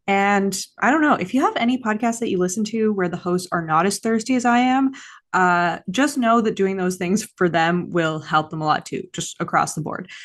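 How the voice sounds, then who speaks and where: A woman hosting a podcast, chatting casually, laughing often and tossing in quick self-mocking asides. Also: lowish voice. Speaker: podcast host. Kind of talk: casual interview chat.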